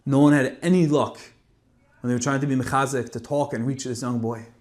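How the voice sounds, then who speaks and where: A man's voice: medium pitch, fairly even intonation, a little fast. Man telling a story in a sermon. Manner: dramatic, swinging between loud emphasis and hushed tones. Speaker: speaker giving a Torah talk.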